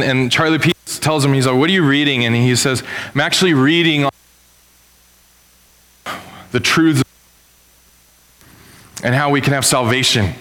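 A male pastor giving a conversational sermon, telling stories and sometimes jumping up sharply in pitch. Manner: conversational storytelling, animated with sudden pitch jumps. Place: church. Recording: long reverb of a church hall.

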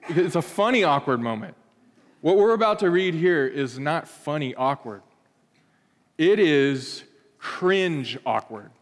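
A male pastor in his thirties delivers a sermon in a lively storytelling manner with playful asides. His voice sits a little high for a man. The sound carries a long reverb from a church hall.

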